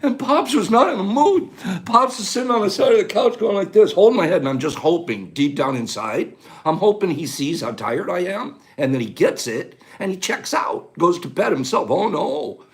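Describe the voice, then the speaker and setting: A man hosting a casual show who tells a story in an animated way, laughing and acting out the scenes. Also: sits high, moderate pace. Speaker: host.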